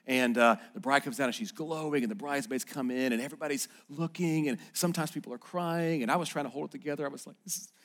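A man in his thirties, a pastor, preaching a sermon in a conversational, animated way with playful asides to the congregation. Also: mid-range voice, quick pace, few pauses. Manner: playful asides and mock quotes to the audience.

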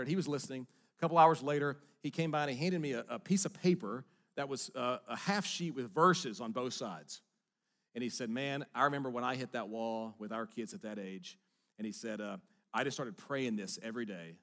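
A middle-aged man preaching a sermon in an earnest voice, moving between hushed, quiet lines and emphatic ones. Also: mid-range voice. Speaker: pastor.

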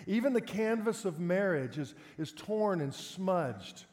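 A man's voice: high-pitched, expressive, unhurried, a little mellow. A male pastor preaching a sermon in a conversational way, asking his listeners rhetorical questions. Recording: long hall reverb.

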